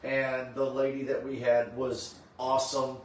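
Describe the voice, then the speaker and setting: A man's voice: medium pitch, monotone, unhurried, heavy reverb, distant mic. A tired man hosting a casual chat, rambling with many fillers and restarts. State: tired, yawning. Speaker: host of a convention recap stream.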